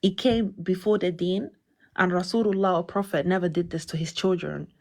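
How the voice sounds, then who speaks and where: A woman caller speaking in an emotional, indignant and forceful way. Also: fairly low pitch, steady tone, moderate pace. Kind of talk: impassioned call-in statement.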